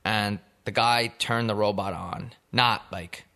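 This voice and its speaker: A man's voice: fairly low pitch, steady tone, slow, vocal fry, bright, forceful tone. A young man co-hosting a podcast, riffing in a crude, rambling, joking way with plenty of swearing. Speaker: podcast co-host. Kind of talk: casual comedic podcast chat.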